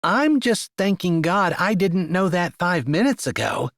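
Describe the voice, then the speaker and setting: A man voicing an anxious, teasing young woman academic in an audiobook, pitching his voice up and speaking emphatically. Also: big pitch swings, measured pace, vocal fry, fairly bright tone, dry recording, studio quality, full character voice. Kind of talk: audiobook character voice.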